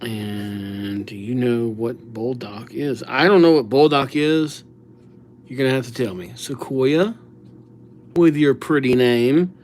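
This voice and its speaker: Slow-talking, easygoing male streamer. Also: medium pitch, a little mellow, a little hiss or hum. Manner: chatty, greets viewers by name, playful nicknames. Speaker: livestream host writing viewers' names. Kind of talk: casual livestream chat.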